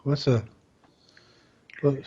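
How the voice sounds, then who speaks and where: A man's voice: very slow, mellow. Man narrating dice rolls over dull audio. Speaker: player. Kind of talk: casual game chat.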